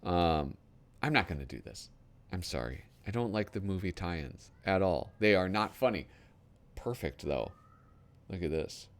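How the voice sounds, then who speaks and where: A man commenting casually as he flips through a magazine. His voice sits low but moves up and down a lot. He swears now and then and drifts into mumbled asides. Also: lively intonation, a little slow. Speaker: host.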